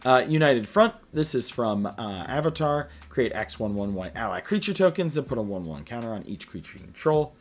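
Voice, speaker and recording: A man's voice: mid-range voice, brisk, hardly any pauses. Tired man reading card text aloud. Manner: relaxed, lots of "uh" fillers, reads card text aloud. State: tired, late at night. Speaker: deck tech host. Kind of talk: casual card-by-card walkthrough.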